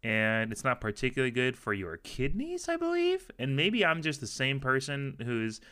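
A man's voice: medium pitch, huge pitch swings, normal speed, bright, forceful tone, clear, resonant tone. A man co-hosting a comedy podcast, rambling loosely with jokey, mock-serious asides. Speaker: podcast co-host. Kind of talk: casual comedic chat.

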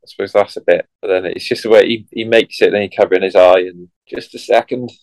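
A man in his thirties with a low, gravelly voice chats easily with his co-host. He often acts out lines from the show as he talks. The sound is close and dry. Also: fairly even intonation, fast talker, darkish tone, no echo, low-quality recording. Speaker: podcast co-host. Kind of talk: casual chat.

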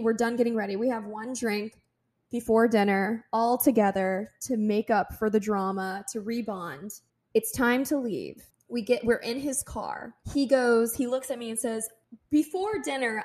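A woman in her twenties co-hosting a chatty podcast, with a voice that sits a little high. She tells the story animated and emphatic and swears freely. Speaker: podcast co-host. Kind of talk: casual storytelling chat.

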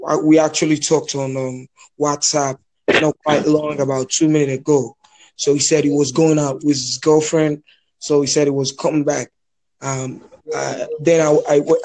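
A man's voice: on the high side, a little mellow. A young Nigerian man with a slightly raised voice talks in a loose, casual way. He hesitates often and circles back to restart his sentences. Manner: hesitant, many restarts and fillers. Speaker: podcast guest. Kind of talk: casual chat.

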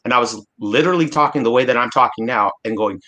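A man's voice: medium pitch, quick pace, bright, forceful tone. A man in his forties from Alaska, a guest speaking earnestly and emphatically in a casual discussion, often restarting his sentences. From Alaska, USA.

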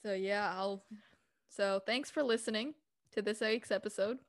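A woman's voice: mid-range voice, moderate pace. A young woman hosting a casual podcast, chatty and giggly with informal slang. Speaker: podcast host.

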